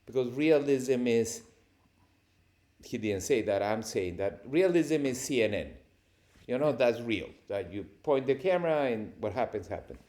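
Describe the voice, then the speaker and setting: A man, a cinematographer guest on a podcast, telling lively anecdotes with frequent laughter. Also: mid-range voice, a little slow. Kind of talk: storytelling interview answers.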